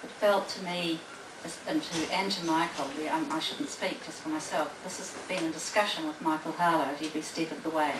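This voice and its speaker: A woman, acting as competition judge, announces the winning poems. She speaks deliberately, with pauses and fillers. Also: low-pitched, fairly even intonation. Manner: deliberate, pausing, with many fillers. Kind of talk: prize announcement at a public event. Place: library hall at a public event. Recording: echoey hall, distant mic, audible noise.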